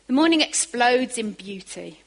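Animated woman preaching a sermon. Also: a little high, unhurried, rough recording. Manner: animated, rising to emphatic bursts.

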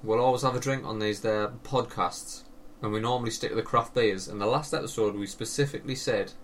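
Laid-back young man, low voice. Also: steady tone, brisk, slight background noise. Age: young adult. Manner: laid-back banter, swears, trails off with fillers. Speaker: podcast co-host. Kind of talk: casual chat.

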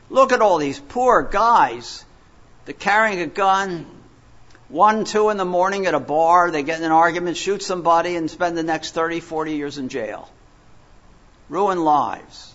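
A man's voice: fairly high pitch, unhurried, fairly bright tone. Older male preacher, rambling sermon. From Philadelphia. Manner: rambling, digressive, many fillers and restarts. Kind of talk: sermon with storytelling. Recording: dull lo-fi recording.

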